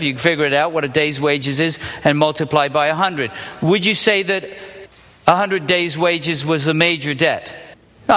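A man's voice: fairly high pitch, pushed and bright, long reverb tail. A man teaching a Bible story as a sermon, asking the listeners questions and then answering them himself. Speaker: preacher teaching a Bible passage.

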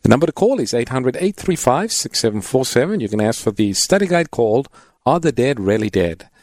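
A man co-hosting a call-in radio Bible program, adding a measured point and introducing callers. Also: medium pitch, sing-song, darkish tone, dry recording. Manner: measured, gives phone number and introduces callers. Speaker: co-host of radio Bible show.

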